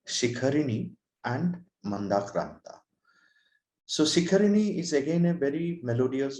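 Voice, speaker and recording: A man teaching Sanskrit verse meters in a lecture, explaining slowly and deliberately, then chanting verses melodically. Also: medium pitch, dark tone, roomy sound, low-quality recording.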